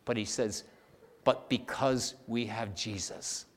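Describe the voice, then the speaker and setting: A man delivering a sermon, rising to loud emphatic peaks and dropping to soft low asides while reading scripture. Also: fairly even intonation. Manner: reads scripture aloud, often slowing for weight. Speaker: preacher. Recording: long hall reverb.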